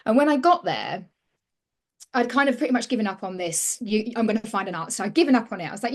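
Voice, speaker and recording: A woman's voice: mid-range voice, expressive, quick pace, darkish tone. Earnest woman telling her story. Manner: earnest, reflective, restarts mid-sentence. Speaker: women's mentor, interview guest. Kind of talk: casual interview storytelling.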